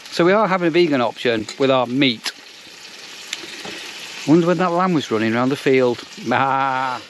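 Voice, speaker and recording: A man's voice: mid-range voice, a little hiss or hum. Chatty man narrating his dinner. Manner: chatty, self-narrating while eating. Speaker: vlogger. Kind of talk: casual vlog chat. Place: campsite caravan.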